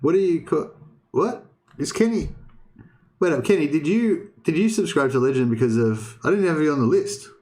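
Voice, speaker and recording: In a fairly high, expressive and slightly mellow voice at normal speed, a young man talks to his stream audience. The casual chat wanders, he restarts sentences a lot, and he swears.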